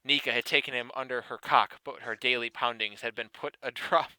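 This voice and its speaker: A man with a bright, ringing voice reads a ridiculous fan fiction story with mock solemnity. He keeps a straight face, then slips into laughing asides. The sound is dry and close, with no room around it. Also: mid-range voice, fairly even intonation, brisk, clear, resonant tone, dry recording, poor audio. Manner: mock-serious narration broken by laughing asides. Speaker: podcast host reading fan fiction aloud. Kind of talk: comedic dramatic reading.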